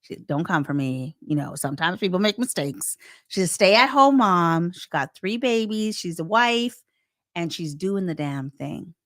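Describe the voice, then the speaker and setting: Animated woman co-hosting a podcast. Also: on the low side, moderate pace. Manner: animated, emphatic, swings from loud to hushed. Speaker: podcast co-host. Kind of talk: casual chat.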